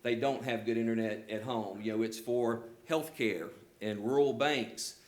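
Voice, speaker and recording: A man's voice: mid-range voice, fairly even intonation, measured pace, a little mellow. An older man with a rural Southern accent, presenting his company at a public hearing and taking questions, earnest, with lots of "you know" fillers. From Georgia, US. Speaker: telecom company representative presenting.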